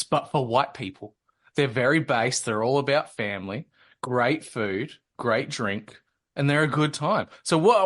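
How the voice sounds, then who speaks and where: Australian man, 30s, podcast host, easygoing and quick with a joke, mid-range voice. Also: medium pitch, fairly bright tone. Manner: joking, laid-back storyteller. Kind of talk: casual podcast chat.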